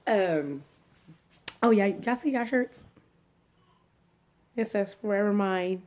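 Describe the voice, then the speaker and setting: A woman's voice: medium pitch, animated, slow, darkish tone. A young adult woman vlogging, telling her own story in a casual, chatty way, full of fillers and asides to viewers. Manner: chatty, filler-heavy, addresses viewers as y'all.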